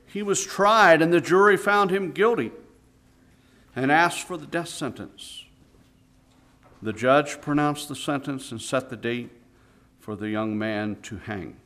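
A man preaching a sermon, telling a story dramatically, swinging between hushed and loud delivery. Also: mid-range voice, animated, slow pace.

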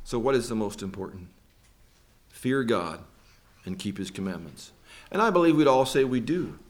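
A man preaching a sermon, possibly, retelling a Bible story in his own words with lively voiced characters. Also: on the low side, normal speed. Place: church.

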